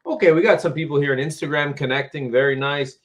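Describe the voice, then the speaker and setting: A man teaching English phrasal verbs on a live stream, patient and slow, repeating words for learners. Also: a little high. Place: home, Tampa area.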